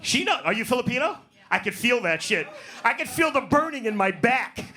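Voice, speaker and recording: A man's voice: very high-pitched, sing-song, a little fast, sharp tone. A man doing a profane, brash stand-up set in a comedy club, working the crowd. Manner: profane, brash, riffs on audience.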